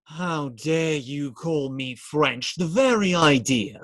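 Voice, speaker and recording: An actor playing Robin Hood, a jovial young outlaw, in an audio drama. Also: male voice, medium pitch, measured pace, a loud crowd, close to an everyday voice. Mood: mock outrage. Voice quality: warm, jovial, fond of mock accents.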